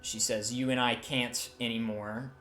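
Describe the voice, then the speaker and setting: A man voicing a heartbroken man who tells of his lost love, halting and emotional. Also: mid-range voice, level tone, pushed and bright. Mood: wistful. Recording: roomy echo, faint music.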